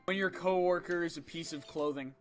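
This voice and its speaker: A young man doing comedic, profane let's play commentary with excitable, silly outbursts. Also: on the high side, a little fast. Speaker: game let's play host. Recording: game music under the voice.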